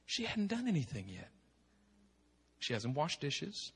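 A middle-aged male pastor preaching a sermon with impassioned emphasis, swinging from hushed tones to shouting and repeating words for effect. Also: fairly high pitch, wildly swooping pitch, a little slow, creaky, background noise. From United States.

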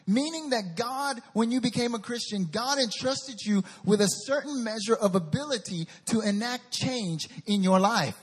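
Pastor, male, Southern US accent, high husky voice, lively sermon delivery. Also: normal speed, few pauses. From North Carolina. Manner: lively, addresses the congregation directly.

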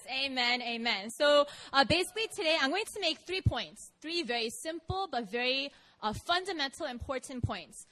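A woman's voice: high-pitched, animated, normal speed, pushed and bright. A woman preacher with a New York accent, opening a sermon in church in a casual, upbeat way. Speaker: guest preacher, missions director.

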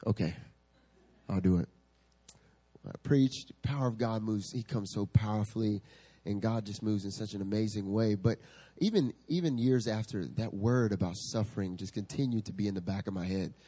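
A male pastor preaching a sermon at a church service, telling stories in an animated way and laughing often. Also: lowish voice, fairly quick, few pauses.

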